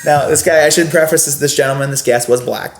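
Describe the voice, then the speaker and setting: A young man, a podcast guest, animatedly telling a story with quick asides and lots of laughter. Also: fairly high pitch, a little hiss or hum. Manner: lively, laughing, fast asides with filler "like". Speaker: podcast guest, former scare actor. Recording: roomy echo.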